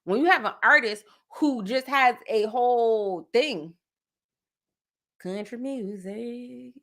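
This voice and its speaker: A woman from New Jersey hosting a casual pop culture podcast, animated and playful, sometimes slipping into jokey made-up song parodies. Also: on the high side, slow pace. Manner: animated, playful, breaks into sung parody bits. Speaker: podcast host.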